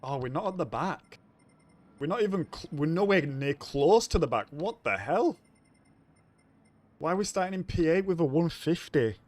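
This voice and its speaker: A man's voice: a little high, animated, normal speed, a little mellow. A man streaming a racing game live, talking casually as he reacts to the race.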